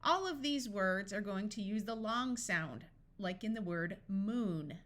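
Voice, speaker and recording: A woman teaching a phonics lesson, sounding out each word slowly, one sound at a time. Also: medium pitch, animated, fairly bright tone. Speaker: phonics tutor. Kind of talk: slow, carefully enunciated reading lesson.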